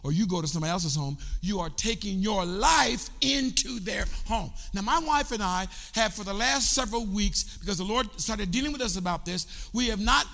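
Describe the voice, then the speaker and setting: A middle-aged male pastor preaching an animated sermon, shouting and half-singing as he calls out to the congregation in a church. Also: high-pitched, moderate pace, vocal fry, few pauses. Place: church sanctuary. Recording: long hall reverb.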